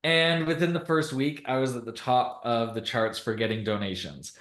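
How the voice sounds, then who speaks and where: Animated Canadian man telling stories. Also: medium pitch, normal speed, echoey room. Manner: animated, laughs often while telling stories. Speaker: podcast guest. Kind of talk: casual storytelling interview.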